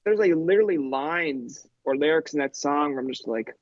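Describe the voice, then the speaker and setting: A man in his thirties tells stories in casual podcast chat, acting out quotes with plenty of "like." His voice sits a little high. The recording is dry and dull, with a slightly lo-fi edge. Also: normal speed, dry recording. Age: 30s. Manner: animated storyteller, acts out quotes, says "like" a lot.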